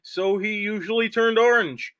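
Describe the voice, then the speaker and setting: A pompous male news anchor reads with high, bright, forceful delivery, as a young man puts it on for a laugh. The tone is mock-serious and announcer-like. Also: fairly even intonation, normal speed, no echo, highs cut off. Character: stiff male news anchor reading aloud.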